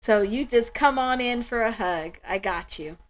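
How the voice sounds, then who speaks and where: A woman hosting a spiritual livestream, chatting with viewers in an emotional, affirming way. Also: a little high. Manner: warm, emotional, affirming, slow and soft-spoken. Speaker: livestream host.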